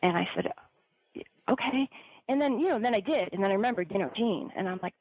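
A woman's voice: mid-range voice, animated, fast, darkish tone, breathy edge, no room sound, muffled recording. Chatty woman telling a personal story. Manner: chatty, many fillers, acts out quoted voices. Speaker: storyteller guest.

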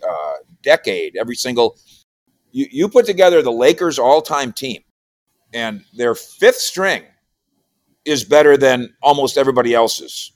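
A man's voice: mid-range voice, moderate pace, dry recording. Chatty man on a dry studio mic. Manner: rambling, repeats words, animated when quoting. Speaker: sports columnist and podcaster. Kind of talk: casual radio chat.

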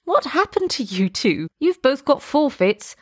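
A woman's voice: high voice, very animated, measured pace, no echo, studio quality, pitched above the performer's own voice. A woman voicing an eager young man calling out. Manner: loud, calling.

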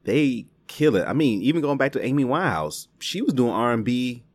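A man's voice: medium pitch, very animated, fairly quick, no echo. A man co-hosting a casual music talk, thoughtful and heavy on fillers. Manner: thoughtful, builds points with many fillers. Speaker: podcast co-host. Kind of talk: casual chat.

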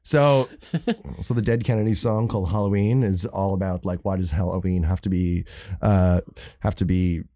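A man's voice: sits low, flat delivery, brisk, mellow. A man, a guest DJ, chatting casually and telling stories animatedly with many fillers and some swearing. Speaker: guest DJ and musician. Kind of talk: casual chat.

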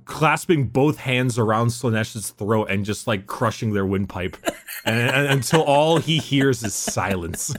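A man's voice: mid-range voice, lively intonation, unhurried. A man in casual chat about game lore, rambling and swearing, reading bits from a wiki. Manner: rambling, profane, reads from a wiki.

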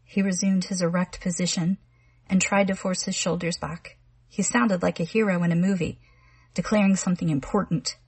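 A woman narrating a literary short story in a measured, calm reading voice. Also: on the low side, husky, no room sound. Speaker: audiobook narrator.

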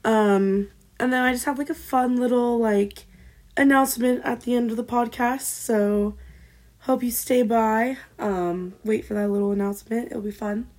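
A woman's voice: on the high side, fairly even intonation, normal speed, darkish tone. A young woman in her twenties co-hosting a casual podcast, loose and laughing, swearing freely, recorded on a built-in laptop mic. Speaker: podcast co-host. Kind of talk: casual chat.

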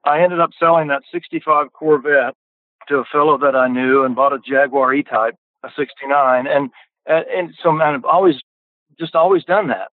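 A man's voice: on the high side, fairly even intonation, normal speed, no echo. An older man telling car stories on a podcast in a folksy way, often repeating words as he starts. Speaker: podcast guest. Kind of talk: casual storytelling. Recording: dry, tinny phone line.

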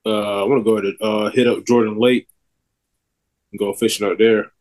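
A man's voice: lowish voice, flat delivery, moderate pace, a little mellow. A young man co-hosting a casual podcast, talking in a loose, rambling way with many fillers and restarts. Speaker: podcast co-host. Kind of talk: casual chat.

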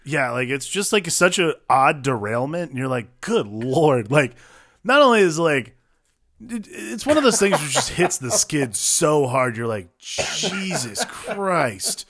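A man's voice: a little high, big pitch swings, moderate pace, a bit bright. A man co-hosting a casual movie review podcast, rambling and profane, full of fillers. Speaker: podcast co-host.

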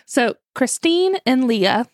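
Woman, West Virginian accent, podcast co-host, casual storytelling, giggly, slightly high voice, dry close sound. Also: sing-song, slow, no room sound. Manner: giggly, laughs often while telling. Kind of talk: casual true-crime storytelling.

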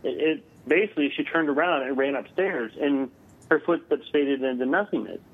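A man, a guest on an interview, telling a story over the phone, halting with many filler sounds. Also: mid-range voice, husky. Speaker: guest paranormal investigator. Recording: tinny phone line.

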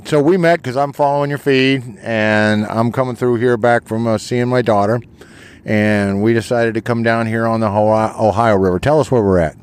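A man's voice: mid-range voice, fairly even intonation, moderate pace, smooth, dry recording. A man from Eastern Kansas hosting a casual, friendly interview outdoors by a river. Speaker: podcast guest interviewer.

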